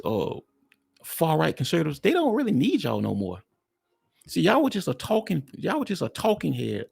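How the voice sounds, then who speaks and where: A man's voice: mid-range voice, vocal fry, darkish tone, breathy edge. A man hosting a reaction commentary, talking bluntly and mockingly to his viewers. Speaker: commentary host.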